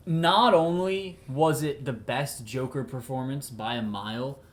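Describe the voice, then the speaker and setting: A young man co-hosting a casual movie chat, animated, often repeating words as he restarts his point. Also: medium pitch, measured pace. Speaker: podcast co-host.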